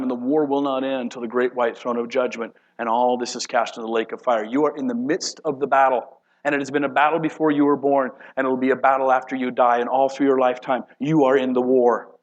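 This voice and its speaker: A man preaching a sermon dramatically, shifting between loud outbursts and hushed, low passages. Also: poor audio. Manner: dramatic, acts out voices of God and angels, swings from loud to hushed. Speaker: pastor.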